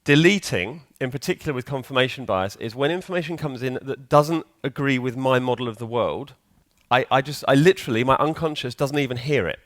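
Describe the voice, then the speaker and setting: A man's voice: medium pitch, animated, a little fast, hardly any pauses, fairly bright tone. A man giving a live conference talk in a hall, chatty and joking, quizzing the audience. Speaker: conference speaker.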